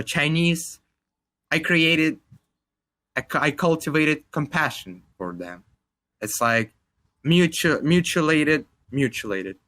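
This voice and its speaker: A man's voice: on the high side, sharp tone. A young man in his twenties with a Russian accent, co-hosting a casual podcast chat. He rambles, leans on "like" a lot and swears casually. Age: 20s. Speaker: podcast co-host.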